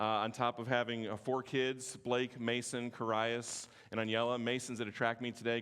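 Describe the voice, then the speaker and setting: A man's voice: medium pitch, clean tone. Passionate man teaching in a hall. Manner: passionate, can sound forceful; self-deprecating joking asides. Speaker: conference speaker. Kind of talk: teaching sermon. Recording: long hall reverb.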